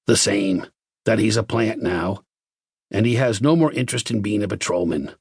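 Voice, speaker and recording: A man's voice: on the low side, moderate pace, vocal fry, breathy edge, no room sound, clean studio sound. A male narrator voicing a good-natured but gloomy base commander, baffled as he reports.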